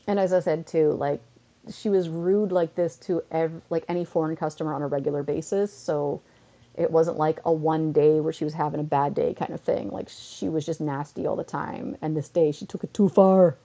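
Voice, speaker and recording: A woman streamer from North America telling a story in a casual way, slipping into quoted voices as she goes, a bit under the weather. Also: low-pitched. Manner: animated storytelling with quick switches into quoted voices.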